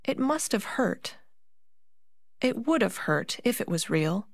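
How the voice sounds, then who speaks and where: A woman narrating a fairy tale for a concert, slow and deliberate with dramatic pauses. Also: fairly high pitch, sing-song, vocal fry, no echo, studio quality. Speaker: narrator and puppeteer.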